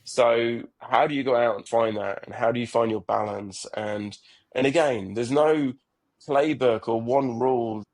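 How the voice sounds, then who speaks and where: A man's voice: medium pitch, measured pace, darkish tone. A middle-aged man, a startup founder, speaking as a podcast guest in an earnest, reflective way, often repeating words and restarting his sentences. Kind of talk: reflective conversational interview.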